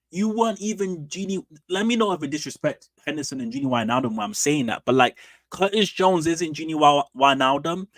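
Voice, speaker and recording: A man streaming casual football commentary, animated and opinionated, with slangy repeated asides. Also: fairly high pitch, no echo. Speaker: streamer and fan channel host.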